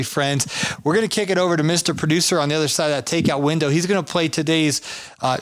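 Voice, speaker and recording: A man hosting a podcast interview over a remote call, chatty and jokey, rambling with restarts. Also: a little high. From United States. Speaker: podcast host. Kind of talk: casual interview chat. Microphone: remote call over a social app.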